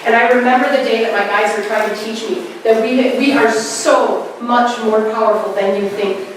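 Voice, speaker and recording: A woman in her forties giving a spiritual talk, telling stories in a lively way and acting out quoted lines. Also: fairly high pitch, normal speed. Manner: animated storytelling with acted quotes. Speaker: spiritual speaker. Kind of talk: conversational talk. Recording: echoey room, distant mic, faint noise.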